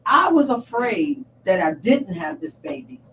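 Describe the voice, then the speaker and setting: A woman's voice: a little high, sing-song, measured pace. Encouraging woman talk host. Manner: affirming, encouraging, preacherly. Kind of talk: supportive talk-show chat. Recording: distant mic with faint noise.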